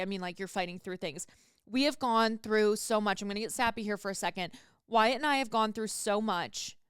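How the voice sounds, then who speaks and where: A woman with a smooth, mid-range voice hosts a podcast, chatting casually and candidly while swearing freely. The sound is clean studio audio with no echo.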